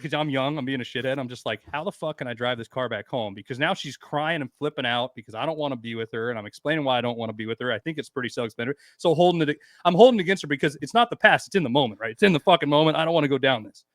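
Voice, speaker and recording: A man's voice: medium pitch, fairly bright tone, dry recording. Middle-aged guy on a podcast, crude storyteller doing voices, dry close mic. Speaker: podcast guest. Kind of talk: casual storytelling chat.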